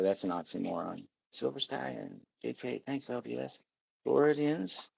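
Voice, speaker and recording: A man's voice: fairly low pitch, vocal fry, a little mellow, breathy edge, no echo, low-quality recording. A middle-aged man hosting a casual livestream, rambling and reading out viewer comments. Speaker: livestream host.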